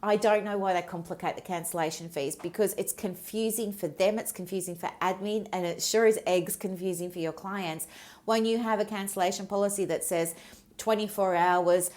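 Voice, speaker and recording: A woman's voice: mid-range voice, fairly even intonation, normal speed, a little mellow. A middle-aged woman hosting a solo podcast, telling a story from her practice in a candid, chatty way and drifting onto tangents. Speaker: podcast host and business mentor.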